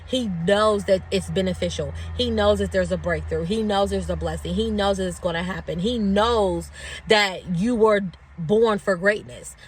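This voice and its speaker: A woman's voice: medium pitch, normal speed, slight background noise. A woman leading a casual motivational faith talk. She talks conversationally, often says "like" and "right?", and builds to repeated preaching phrases. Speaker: faith ministry speaker.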